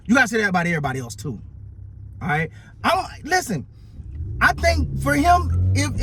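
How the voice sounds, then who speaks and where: A man giving casual, animated sports commentary, often stumbling over and repeating his words. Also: extremely high pitch, a little hiss or hum.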